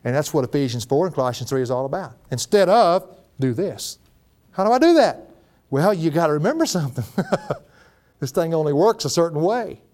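Folksy preacher man, animated. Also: a little high, fast. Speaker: pastor. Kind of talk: sermon.

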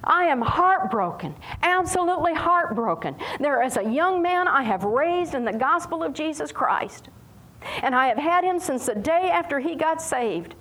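Impassioned high-voiced woman preacher. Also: big pitch swings, moderate pace, fairly bright tone, poor audio. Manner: impassioned, emphatic preaching with repetition. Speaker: Bible teacher. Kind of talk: sermon.

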